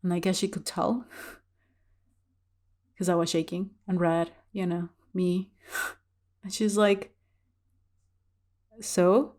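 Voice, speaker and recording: A woman's voice: lowish voice, flat delivery, slow pace, pauses often, a little mellow. A woman vlogger casually telling a personal spiritual story to the camera, candid and chatty, with frequent fillers and laughs.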